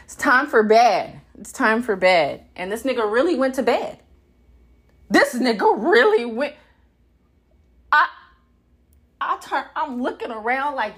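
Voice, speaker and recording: Young woman, podcast host, blunt, profane, animated, laughs a lot. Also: fairly high pitch, a little slow. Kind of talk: candid solo podcast monologue.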